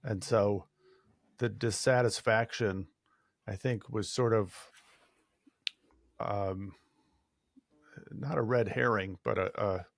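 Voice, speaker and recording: Male coach, lowish voice, slow and measured delivery. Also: fairly even intonation, vocal fry, dry recording, clean studio sound. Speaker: relationship coach. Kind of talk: casual podcast chat.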